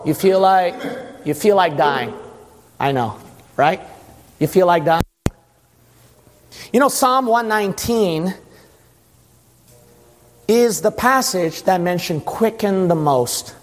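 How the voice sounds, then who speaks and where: A male preacher delivering an impassioned sermon in dramatic storytelling, rising into shouting. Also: sits high, animated, slow pace, long pauses, slight background noise. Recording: long hall reverb.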